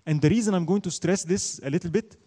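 An Islamic studies teacher lectures a religion class emphatically, often asking a question and then answering it. His voice is high for a man yet dark, mellow, and husky, and he recites Arabic verses at a quick clip.

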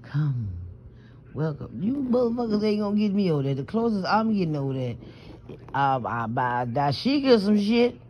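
A woman's voice: fairly low pitch, big pitch swings, normal speed, a little hiss or hum. Rambling woman vlogging from bed. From Southern US, New Orleans. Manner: rambling, stammering, emphatic, swears freely. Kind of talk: late-night confessional vlog. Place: in bed at night. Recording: muffled lo-fi phone audio.

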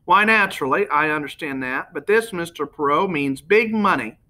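A man voicing a rich American businessman who speaks softly and persuasively, with a faintly nasal tone. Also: on the high side, lively intonation, moderate pace.

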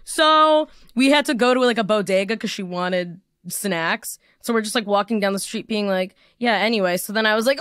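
A podcast host in her twenties chats casually, telling stories with plenty of giggles and silly voices. Her mid-range voice is smooth, at normal speed with few pauses, captured in a dry, studio-quality recording.

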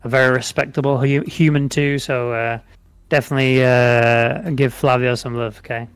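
A man's voice: mid-range voice, little pitch movement, moderate pace, clear, resonant tone, no echo. A British man co-hosting a live gameplay stream, chatting, joking and repeating giveaway instructions. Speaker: streamer co-host.

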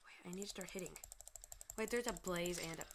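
With a lowish voice and some background noise, a woman from the United States gives relaxed let's-play commentary from her computer as a gaming video host. She's chatty, often dropping into playful whispers and murmurs, while keyboard and mouse clicks sound faintly behind her.

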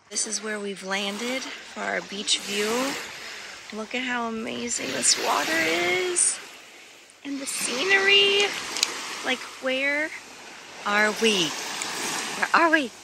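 A woman's voice: a little high, expressive, slow, pauses often. A young woman, chatting casually as a travel vlogger, bubbly and full of "like". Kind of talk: casual vlog narration. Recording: outdoor vlog with clear background noise.

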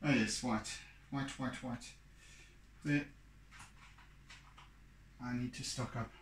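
A man talks himself through a drawing at an unhurried pace, musing and pausing with fillers as he works. His voice sits in the middle of the male range. The sound is roomy, with clear echo from the space around him. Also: mid-range voice, steady tone, slight background noise. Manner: musing, halting, with many fillers. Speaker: art teacher. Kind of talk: thinking aloud while drawing.

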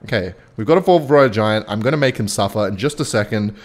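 A man's voice: lowish voice, fast. A young man giving casual, rambling commentary over a mobile strategy game while telling a story about his neighbor. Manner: chatty, rambling, switches between game calls and anecdote. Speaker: gaming video creator.

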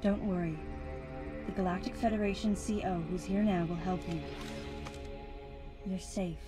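An actress voicing a reserved female bounty hunter in a video game cutscene, speaking in a low, subdued way. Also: steady tone, moderate pace, over music, natural voice. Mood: calm. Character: stoic female bounty hunter, grown woman. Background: game score.

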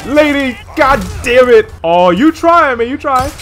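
A gamer giving loud let's play commentary, exclaiming, swearing and laughing often, with faint game music behind. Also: high voice, lively intonation, a little slow.

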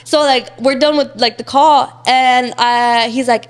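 A young woman in her twenties tells a personal story in a casual chat, her voice sitting a little high. She talks in quick run-on bursts, full of "like" and swear words. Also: steady tone, smooth. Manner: fast chatty, heavy use of "like", swearing. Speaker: guest.

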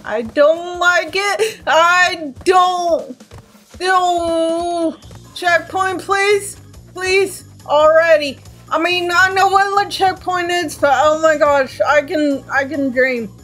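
A woman's voice: extremely high pitch, slow pace, fairly bright tone, soft background music. A young woman commentating her gameplay in a casual, anxious way, exclaiming and repeating herself often. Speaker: let's play gamer.

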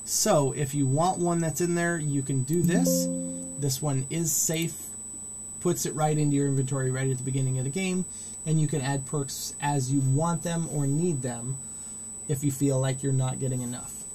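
A man hosting a casual screen-recorded walkthrough, chatty and rambling, getting excited about the features he likes. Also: medium pitch, moderate pace, noisy background. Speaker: modding tutorial host.

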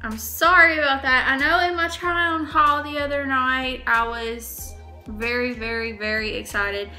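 A woman's voice: sits high, fairly even intonation, unhurried, pushed and bright, soft background music. A young woman chatting casually to her viewers, emphatic and repeating words for stress. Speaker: vlogger. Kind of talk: casual chat to camera.

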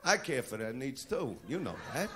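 A man doing a crude stand-up routine in a brash manner, shouting his punchlines. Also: medium pitch, sing-song, moderate pace. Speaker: stand-up comedian. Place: comedy club stage. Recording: live club recording with crowd noise. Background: audience laughter and noise.

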